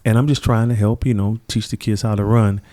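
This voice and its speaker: A man's voice: lowish voice, fairly even intonation, a little fast, dark tone. A middle-aged man, a podcast guest, telling stories earnestly and reflectively, acting out the people he quotes. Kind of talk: conversational interview storytelling.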